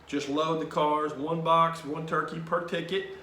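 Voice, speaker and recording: A cheerful, gentle priest, as a man quotes him, speaking upbeat and brotherly. The voice is bright and a touch high. It has a roomy echo. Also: steady tone, unhurried, slight background noise.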